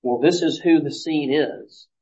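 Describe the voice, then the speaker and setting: A man's voice: on the high side, measured pace, a little mellow, lo-fi sound. A man teaching a sermon in a conversational way, with many restarts, acting out the lines he quotes. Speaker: pastor teaching a Bible study.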